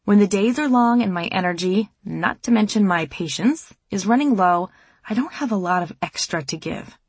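A mother narrating an audiobook in a measured, reflective reading voice. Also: mid-range voice, lively intonation, breathy edge, dry recording.

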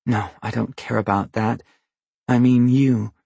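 A man's voice: medium pitch, steady tone, a little slow, vocal fry, dark tone, husky, dry recording. A man reading an audiobook, voicing a guarded young woman who asks clipped, probing questions in a slightly raised tone. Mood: wary. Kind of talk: audiobook character voice.

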